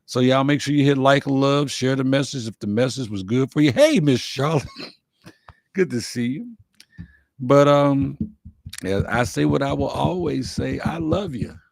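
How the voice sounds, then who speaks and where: A man with a medium-pitched, creaky voice hosts an inspirational livestream show, animated yet unhurried. He gives a heartfelt motivational talk from the heart, using folksy phrasing and repeating his key lines. The recording is clean studio sound with no room sound.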